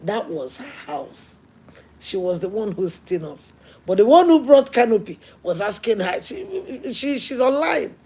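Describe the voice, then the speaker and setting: A woman pastor preaching a sermon, telling stories earnestly and swinging between hushed lines and emphatic ones. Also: on the high side, sing-song, measured pace, husky.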